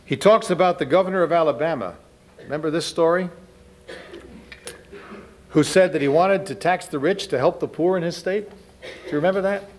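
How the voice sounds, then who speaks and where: A man giving a spoken lecture to a live audience, conversational, often turning to ask the listeners questions. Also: a little high. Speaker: lecturer speaking to a church audience.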